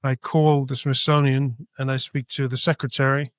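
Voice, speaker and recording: A British-born man raised in Spain, an artist, tells his story as an interview guest, animatedly acting out dialogue. His mid-range voice moves at a moderate pace with no echo.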